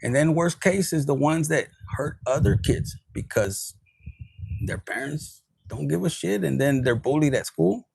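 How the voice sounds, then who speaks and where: Tarot reader, male, somewhat high, husky, dry close sound, casual and profane. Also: lively intonation, unhurried, a little mellow, dry recording, low-quality recording. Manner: casual, profane, mixes in Spanish words. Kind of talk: spiritual reading monologue.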